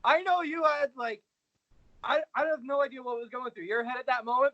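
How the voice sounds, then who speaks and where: A man's voice: very high voice, fairly quick, pushed and bright, no room sound. A man who wrestles professionally, talking casually and boastfully in an interview over a video call. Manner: boastful, cocky heel bravado. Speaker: pro wrestler guest. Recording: slightly dull video call audio.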